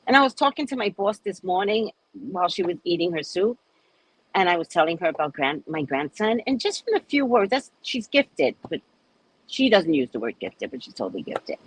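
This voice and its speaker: A woman's voice: on the low side, normal speed, husky, rough recording. An older woman from New Orleans with a New Orleans accent, chatting casually and telling stories animatedly to live viewers. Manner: animated storytelling with swings in voice. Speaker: host.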